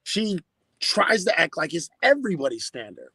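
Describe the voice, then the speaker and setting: A man with a high, gravelly, husky voice rants in emphatic, profanity-laced bursts on a casual podcast. His voice sits close and dry, with no room around it. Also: big pitch swings, normal speed, pushed and bright, dry recording. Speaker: podcast host.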